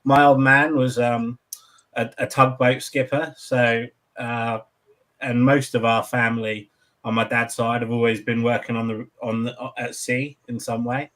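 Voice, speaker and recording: An English man in his forties, a guest telling his story in a relaxed, earnest way. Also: mid-range voice, a little slow. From England. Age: 40s. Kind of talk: casual chat.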